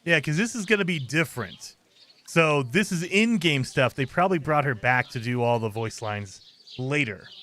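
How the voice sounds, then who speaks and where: Male let's-play host, casual and exasperated, slightly high pitch. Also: animated, normal speed, fairly bright tone. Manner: exasperated, laughs often, talks over the game. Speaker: gaming channel host.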